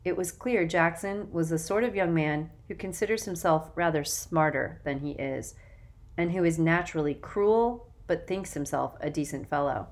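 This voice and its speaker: A woman narrating a children's novel in a measured, expressive way. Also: fairly low pitch. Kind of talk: audiobook narration.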